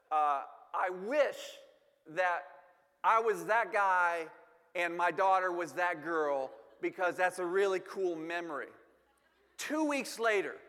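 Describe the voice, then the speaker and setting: Higher-voiced man in a reverberant hall. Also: pushed and bright. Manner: humorous, self-deprecating, repeats words. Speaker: speaker telling a family story. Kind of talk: storytelling talk to an audience.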